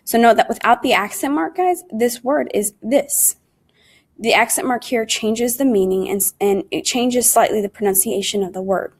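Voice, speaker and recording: A woman's voice: fairly high pitch, moderate pace, breathy edge. A woman teaching an online Spanish lesson in English. She explains patiently, step by step, mixes in Spanish words and conjugations, and often calls the class "guys".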